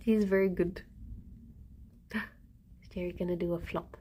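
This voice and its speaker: A woman streaming casually, chatting to viewers and cooing softly in baby talk to her pet rabbits. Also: lowish voice, fairly even intonation, a little slow, slightly rough. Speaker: livestreamer. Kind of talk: casual livestream chat.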